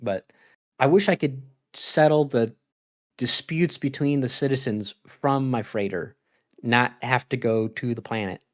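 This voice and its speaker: A young man on a casual gaming podcast rambles through his stories, laughing often. His voice sits at a middle pitch and leaps upward whenever he plays out his own reactions, keeping the talk animated. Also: a little slow. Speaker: podcast co-host.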